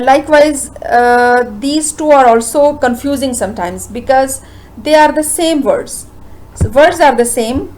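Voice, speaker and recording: A female English teacher gives a grammar lesson lecture in a slightly high, darkish voice, captured on a low-quality recording. She explains things slowly and patiently, leans on frequent "uh" fillers, and poses rhetorical questions.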